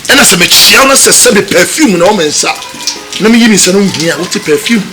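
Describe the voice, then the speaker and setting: An actor playing a stern elder father who lectures slowly with proverbs and mixes Twi and English. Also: high-pitched, animated. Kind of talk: film drama acting. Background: food sizzling in a pan.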